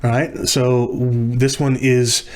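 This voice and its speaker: A man teaching a recorded lecture, talking through each exercise step by step. He thinks aloud, pauses on ums and corrects himself as he goes. His voice sits at an ordinary middle pitch. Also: level tone, darkish tone.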